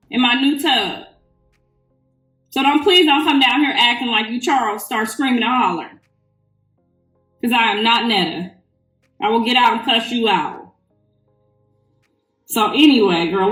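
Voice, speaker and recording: A woman's voice: medium pitch, recorded from a distance. Blunt, profane woman ranting in an echoey bathroom. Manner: blunt, profane, heated storytelling. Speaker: livestreamer. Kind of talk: live-stream rant to followers. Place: bathroom, in the tub. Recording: echoey bathroom, away from the mic.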